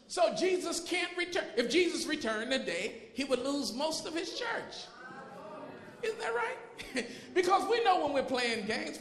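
A male pastor with a very high, sharp voice preaches, building to fervent shouts and firing rhetorical questions at his listeners. His words ring through an echoey hall with a long reverb tail. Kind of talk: sermon.

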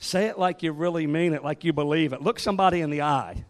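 Man, preacher, high voice, sermon, joking asides, call-and-response exhortation. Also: fast talker, hardly any pauses. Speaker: guest preacher.

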